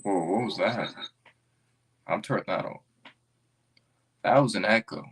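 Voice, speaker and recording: A man hosting a casual livestream as a basketball fan, rambling and thinking out loud with excitable bursts. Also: on the low side, measured pace, slightly rough.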